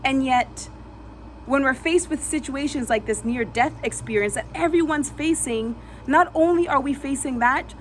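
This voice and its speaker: A woman vlogger telling a dramatic personal story vividly, re-enacting sounds and dropping to a hush at tense moments. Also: high-pitched, moderate pace, a little hiss or hum.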